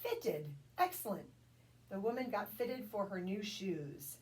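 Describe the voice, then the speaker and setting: A woman tutoring one-on-one in a phonics drill, patient and encouraging, sounding out each letter slowly. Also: medium pitch, animated, a little mellow. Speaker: reading tutor. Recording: distant mic with faint background noise.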